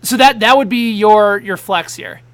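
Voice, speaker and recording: A man hosting a live fantasy football talk show, excitable and quick in back-and-forth, reading out viewer questions. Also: high-pitched.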